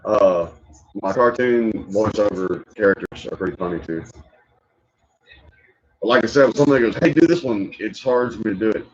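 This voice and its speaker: A man hosting a reaction stream, chatting casually and telling animated stories with frequent laughter. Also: fairly low pitch, moderate pace, pauses often. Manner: animated storyteller who laughs often and slips into impressions. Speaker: stream host reacting to videos. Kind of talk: casual chat. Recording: muffled lo-fi audio.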